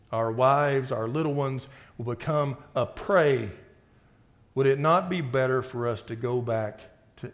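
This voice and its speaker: A man preaching a sermon and reading scripture aloud, swinging between forceful outbursts and quiet reading. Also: mid-range voice. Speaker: pastor.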